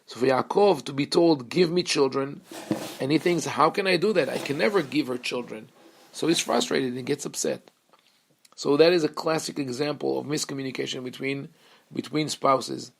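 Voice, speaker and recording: Rabbi guy giving a torah class, kinda gravelly, keeps restarting sentences. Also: medium pitch. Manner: halting, with many restarts and fillers.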